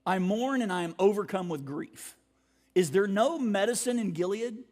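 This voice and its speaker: A man with a notably high voice preaches a sermon in a relaxed, conversational way, often clearing his throat between thoughts. His voice carries a long reverb that rings out through the church sanctuary. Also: moderate pace. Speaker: pastor.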